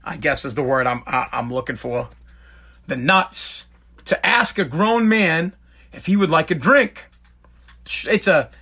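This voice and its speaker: Bright-voiced rambling male storyteller. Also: on the high side. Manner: rambling, with many restarts and self-corrections; animated when quoting others in the story. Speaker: talk show host reading viewer comments. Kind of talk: casual storytelling monologue.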